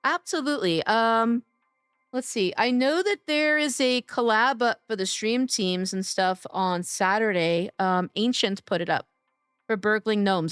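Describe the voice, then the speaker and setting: A woman's voice: medium pitch, a little slow, a bit bright, clean tone, no room sound, clean studio sound, soft background music. A woman streaming a game live, chatting and teasing her viewers by name, her voice worn from days of streaming. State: losing her voice. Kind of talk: casual live-stream chat.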